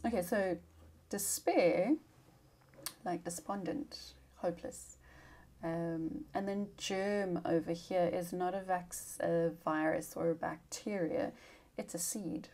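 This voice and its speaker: A woman's voice: lowish voice, steady tone, slow pace, warm tone. A woman teacher giving a casual recorded lesson, chatty and informal with asides, sounding tired. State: tired, yawning.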